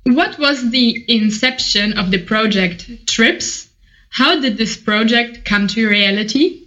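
A woman's voice: fairly high pitch, takes it slowly, sharp tone, dull audio. A woman hosting a podcast, formally reading introductions and questions to her guest. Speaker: podcast host. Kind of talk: interview hosting.

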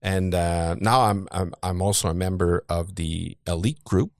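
Enthusiastic Quebec French host, lowish voice. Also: male voice, steady tone, no room sound, studio quality. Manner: enthusiastic, quick, with friendly laughs. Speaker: podcast host. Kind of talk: casual interview chat.

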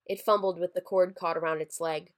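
A woman narrating a scripted horror story in a measured, somber way. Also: on the low side, fairly even intonation. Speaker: story reader.

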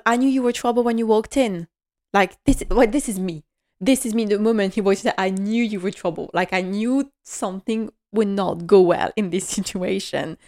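A woman's voice: medium pitch, no room sound, studio quality. Woman, casual recap chat, chatty, laughs a lot. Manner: chatty, laughs often, restarts sentences. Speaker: podcast host recapping a drama series.

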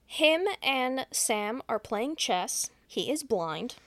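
A woman hosting a podcast, retelling a movie's plot in casual, profane, deadpan chat. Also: fairly high pitch, slow, dry recording. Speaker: podcast host.

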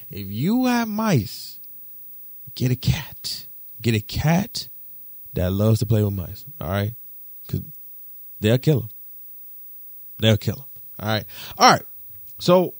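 A young man hosts his podcast alone, telling stories in a loose, slangy way. He jumps from loud, excited bursts to low asides, and his voice sits in a middle pitch. The sound is dry and close, with no room echo. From Detroit. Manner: animated, slangy, swings from loud exclamations to low muttering. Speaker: podcast host. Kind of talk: casual storytelling monologue.

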